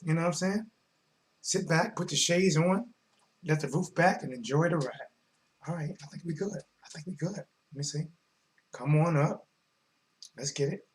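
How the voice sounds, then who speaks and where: High-pitched dude doing a boxing live stream, slangy, gets loud then mumbles. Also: male voice, normal speed, pauses often. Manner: animated, slangy, swings between mumbling and shouting. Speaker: sports vlog host. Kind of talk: casual live-stream commentary.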